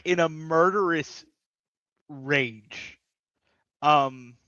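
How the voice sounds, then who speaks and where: Slow, bright-toned male player. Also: a little high, no echo, lo-fi sound. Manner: joking, halting. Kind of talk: tabletop game table talk.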